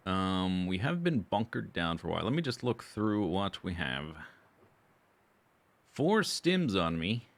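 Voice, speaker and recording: Man, game streamer, lowish voice, rambling casual commentary, desk mic. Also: big pitch swings, unhurried. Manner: chatty, rambling, self-correcting.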